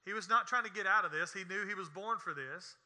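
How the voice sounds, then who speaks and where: A man's voice: high-pitched, quick pace, pushed and bright. A man preaching a sermon in a folksy, emphatic way, with scornful asides. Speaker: pastor.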